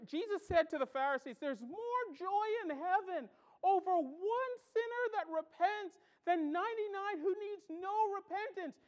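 A pastor with a strikingly high voice delivers a lively sermon, swinging between loud outbursts and hushed asides as he tells stories and acts out people's reactions.

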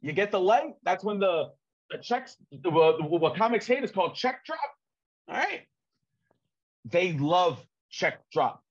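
A man's voice: sits high, unhurried, highs cut off. A male comedian hosting a podcast, talking casually and profanely while walking through the numbers. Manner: animated, profane, explains with numbers.

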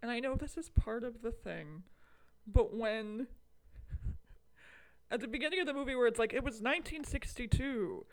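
Young woman co-host, creaky gravelly voice, higher pitch, chatty film-review banter. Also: moderate pace, long pauses, rough recording. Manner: chatty, animated, with laughs and mock outrage. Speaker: podcast co-host. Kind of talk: casual movie review chat.

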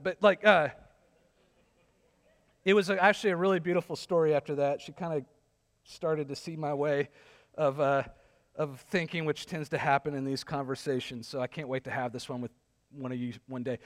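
A man's voice: fairly high pitch, brisk, in a large hall. A male pastor preaching a sermon, telling a story that builds to sarcastic intensity.

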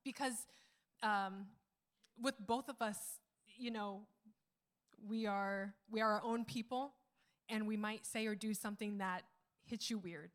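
A woman's voice: medium pitch, fairly even intonation, a little slow, long pauses. A woman, the pastor's wife, talking casually at church on a handheld mic, rambling into side stories. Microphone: handheld microphone.

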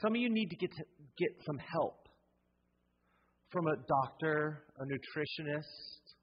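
A man's voice: fairly high pitch, lively intonation, measured pace, slightly rough. A man preaching a sermon as a pastor, telling a Bible story with jokes and building to a rousing call to commit. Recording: dull sound with long hall reverb.

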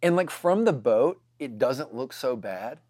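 A man's voice: medium pitch, expressive, unhurried, a little mellow, no echo, studio quality. A man telling a casual story to his congregation, chatty and full of fillers.

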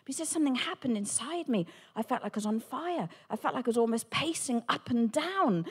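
A woman, a Christian speaker, telling a personal testimony with animated storytelling and acted-out dialogue. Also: on the high side, brisk, few pauses, slightly rough. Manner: animated, acts out quoted dialogue.

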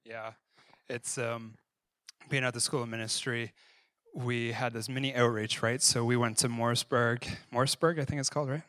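A man's voice: medium pitch, flat delivery, normal speed, pushed and bright, no room sound. Man preaching with frequent "right?" asides. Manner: conversational, frequent "right?" tag questions. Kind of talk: sermon.

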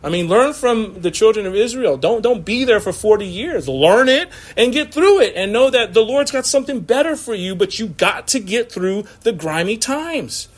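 Man, pastor, sermon, high voice, chatty, laughs a lot. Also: expressive, moderate pace, few pauses. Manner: conversational, laughing often, acts out quotes.

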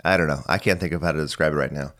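Phlegmy deep-voiced man in his forties. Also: fairly even intonation, very fast, fairly bright tone. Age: 40s. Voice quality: phlegmy voice that cracks. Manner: rambling, musing, mildly profane. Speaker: podcast host. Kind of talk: casual solo monologue.

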